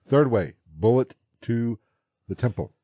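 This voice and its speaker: A man's voice: mid-range voice, expressive, unhurried, dark tone, breathy edge, dry recording. A man hosting a casual podcast, explaining things step by step and laughing along. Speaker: podcast host.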